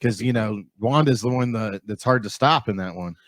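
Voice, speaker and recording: A man's voice: on the low side, moderate pace. A man on a podcast, chatting in an easygoing way about movies and trailers. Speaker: podcast co-host. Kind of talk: casual chat.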